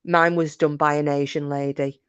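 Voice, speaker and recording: Woman, middle-aged, casual storytelling, animated, dry close sound. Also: sits low, normal speed, smooth, no room sound, dull audio. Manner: chatty, animated anecdotes with laughs and asides to viewers. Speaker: livestream host.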